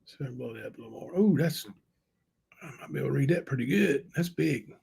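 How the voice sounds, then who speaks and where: A male livestream host reading letters aloud and commenting on them, halting and unsure, with many fillers. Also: mid-range voice, expressive, vocal fry, a little mellow, slightly rough.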